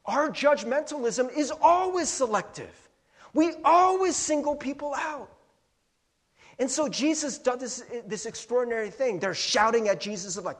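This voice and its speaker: A pastor delivers a sermon as a story, slipping in lively asides and chuckles. His slightly husky voice sits high and moves at a normal speed.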